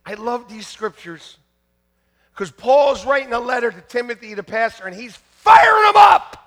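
A man preaching a fiery sermon to his church, shouting and joking by turns. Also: very high-pitched, big pitch swings, moderate pace. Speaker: pastor. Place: church sanctuary.

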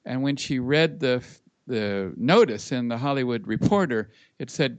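A man from Los Angeles, a guest musician and speaker, telling a story over a video call in a measured way. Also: mid-range voice, expressive, no echo. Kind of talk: storytelling in an interview.

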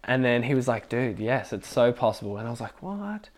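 Young man, personal story, rambling, filler-heavy, average pitch. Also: steady tone, a little fast. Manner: rambling, many "like" fillers, laughs while telling. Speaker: speaker sharing a faith testimony. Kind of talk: personal testimony, casual storytelling.

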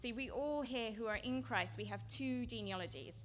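Woman, preaching, fairly high voice, swings between soft and loud, faint hiss behind. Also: normal speed. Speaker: seminar speaker. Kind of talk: sermon-style talk.

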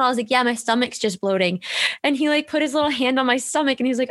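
A woman's voice: a little high, steady tone, very fast, a bit bright. A young woman hosting a podcast, talking candidly in casual chat, full of fillers and the odd swear. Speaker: podcast host.

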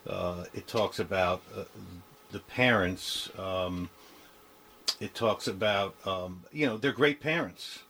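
A man hosting an interview, asking questions in a halting way, with many ums and uhs. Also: low-pitched, sharp tone, slight background noise, rough recording. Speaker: interviewer, host.

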